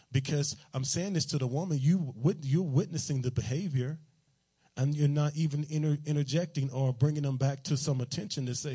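A man's voice: mid-range voice, moderate pace, dark tone, husky. A man preaching a sermon in a loose, conversational, joking way, full of everyday slang.

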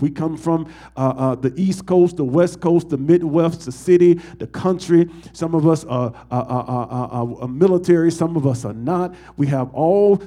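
Mellow-voiced man preaching a sermon. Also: a little high. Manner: preaching with call-and-response questions. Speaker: pastor.

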